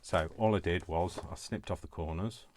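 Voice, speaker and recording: A man's voice: low-pitched, moderate pace, a little mellow, a little hiss or hum. A middle-aged man hosting a casual crafting tutorial, rambling and mocking himself with chuckles.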